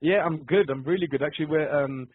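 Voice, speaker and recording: A man's voice: a little high, husky. Young man with a London accent. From England. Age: young adult. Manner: halting, hesitant, many ums and restarts. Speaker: musician guest. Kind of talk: phone interview. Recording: dry tinny phone line.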